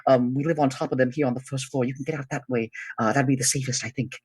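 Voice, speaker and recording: A man voicing a poor tenant who gives directions in a halting, hesitant way. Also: mid-range voice, steady tone, a little mellow, slightly rough, no room sound, lightly acted. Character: poor, nervous, grateful tenant.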